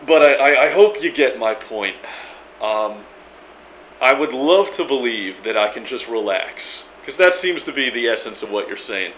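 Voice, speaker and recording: A man's voice: medium pitch, animated, normal speed, fairly bright tone. A man making a casual video reply, rambling and emphatic, with many stammered restarts and frequent swearing. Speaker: video blogger replying to another creator. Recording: dull lo-fi sound with faint background noise.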